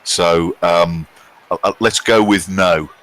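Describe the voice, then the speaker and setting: A middle-aged man with a British accent hosts a live game stream, his voice low-pitched yet bright and forceful. He reads viewer comments aloud in a wry, chatty manner and pokes fun at his own pronunciation. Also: steady tone, slow pace, poor audio. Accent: British English.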